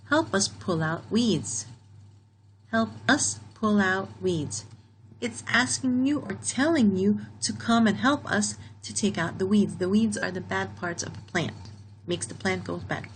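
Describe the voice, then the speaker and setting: A woman walks through a grammar lesson at an unhurried pace, reading example sentences aloud and repeating them for her students. Her voice sits at an ordinary pitch for a woman, and a faint hiss of background noise runs under the recording. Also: animated, poor audio. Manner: patient, explains slowly, repeats example sentences. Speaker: teacher.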